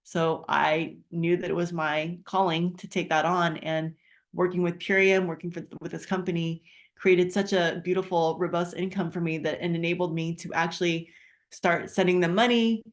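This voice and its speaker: Woman, middle-aged, lower pitch, chatty, heartfelt, filler words, business pitch. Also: fairly even intonation, normal speed. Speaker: wellness business presenter. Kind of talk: personal story and recruitment pitch.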